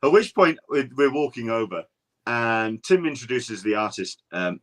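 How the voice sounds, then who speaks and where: An Englishman appearing as a guest podcaster speaks in a mid-range, animated, slightly bright voice at a moderate pace. He tells stories in a casual chat, rambling anecdotally and restarting often.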